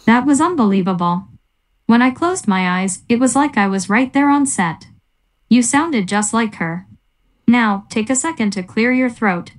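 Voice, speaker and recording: A woman delivering a scripted satirical interview in a deadpan, mocking tone. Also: fairly high pitch, a little slow. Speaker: mock interviewer.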